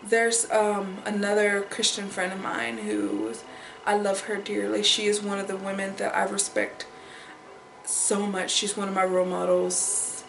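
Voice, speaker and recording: A woman's voice: medium pitch, a little slow, fairly bright tone, roomy sound, slight background noise, poor audio. A young woman talking in an emotional personal vlog, upset and repeating herself as she holds back tears. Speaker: vlogger.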